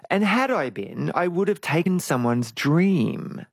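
A man's voice: on the high side, sing-song, unhurried, breathy edge, no room sound. A middle-aged man, a guest musician, telling his story candidly in an interview and acting out his own past voices. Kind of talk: conversational interview.

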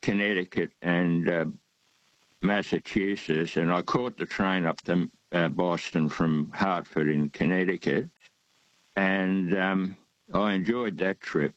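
An older man rings in to a talk show, his voice on the low side and his story full of ums and restarts. The line is dull and dry, with little room around him. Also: steady tone, slow pace, no room sound. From Australia. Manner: hesitant, rambling, many fillers. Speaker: radio caller. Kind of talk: casual phone-in chat.

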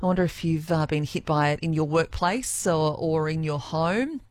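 An Australian woman presenting local morning radio, chatty and easygoing, pausing with fillers as she talks. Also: low voice, a little mellow.

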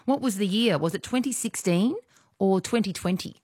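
A woman's voice: medium pitch, normal speed, a little mellow, breathy edge, dry recording, studio quality. An Australian woman hosting a call-in radio quiz, chatty and friendly. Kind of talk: casual radio chat.

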